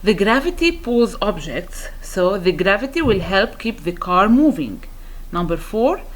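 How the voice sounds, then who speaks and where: A woman teacher walking students through a worksheet, explaining slowly and carefully with frequent pauses and restarts. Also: medium pitch. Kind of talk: worksheet walkthrough lesson.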